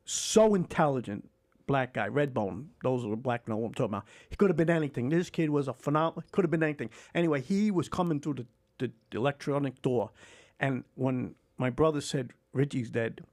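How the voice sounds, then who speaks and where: Older man, podcast guest, mid pitch; emotional, animated storyteller, swears. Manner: animated, acts out remembered dialogue. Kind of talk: candid storytelling interview.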